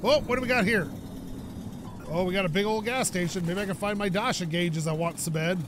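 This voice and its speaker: A man's voice: sits high, brisk, noisy background. A man from Canada rambling through casual let's-play commentary, a bit stuffed-up from dust and laughing often. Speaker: gaming YouTuber.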